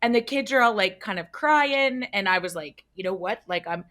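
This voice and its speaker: A woman who works as a child psychologist, speaking as a podcast guest and telling stories with frank, expressive energy, swearing freely and acting out scenes. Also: mid-range voice, moderate pace. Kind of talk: animated podcast storytelling.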